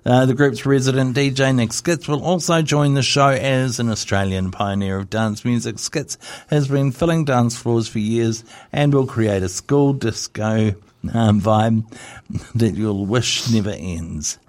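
A man's voice: mid-range voice, a little slow, a little mellow. A man hosting a casual radio chat, giggling and tripping over words as he reads out entertainment news. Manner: giggly, chatty, stumbles over words while reading. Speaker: radio host.

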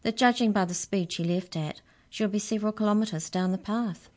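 Woman putting on lil caged mouse, dry polite know-it-all, kinda loud, storybook. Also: mid-range voice, normal speed, voice pushed up, lightly acted. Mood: wry. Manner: polite, dry, matter-of-fact. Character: small, wry, knowing mouse in a cage.

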